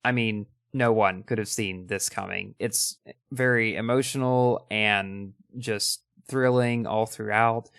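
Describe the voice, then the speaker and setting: A man's voice: lowish voice, fairly even intonation, slow pace, vocal fry, fairly bright tone, smooth, no room sound. Young man ranking films in a dry room. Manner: enthusiastic, fillers and restarts. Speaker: movie ranking host. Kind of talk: casual movie ranking commentary.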